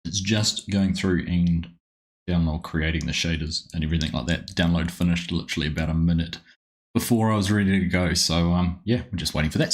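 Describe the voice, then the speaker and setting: A man with a New Zealand accent chats casually on a live game stream. His voice sits very low, and he rambles in a friendly way, greeting viewers one by one. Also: fairly quick.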